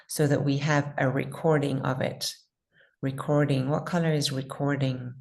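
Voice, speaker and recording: A woman teaching pronunciation in an online class, patiently modeling words slowly and repeating them. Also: a bass voice, level tone, creaky, darkish tone.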